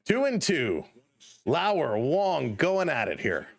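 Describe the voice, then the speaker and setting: A man with a Canadian accent calling a baseball game live as a stream host, chatting with viewers between pitches. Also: wildly swooping pitch, slow pace, vocal fry. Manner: chatty, reads viewer chat and laughs often. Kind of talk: casual play-by-play commentary.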